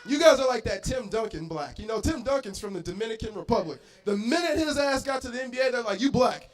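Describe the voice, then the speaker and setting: Speaking fast in a very high voice, a young Arizona man does lively stand-up comedy in a bar, full of loud outbursts and voices he acts out. Soft music plays in the background.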